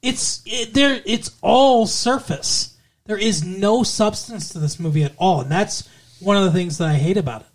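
Rambling and swearing, a co-host on a podcast critiques a horror movie in relaxed conversation, often restarting and filling gaps. The mid-range voice moves at normal speed.

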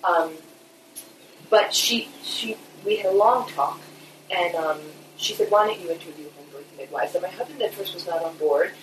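A woman telling her own birth story in a casual, animated way, laughing often. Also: fairly low pitch, moderate pace. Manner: animated, chatty, laughs often, many fillers. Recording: echoey room, mic at a distance, noisy background.

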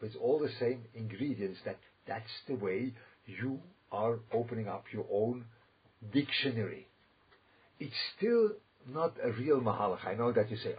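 Husky man. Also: mid-range voice, lively intonation, moderate pace, lo-fi sound. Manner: rambling, emphatic, full of asides and quoted voices. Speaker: rabbi giving a talk. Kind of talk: informal religious talk.

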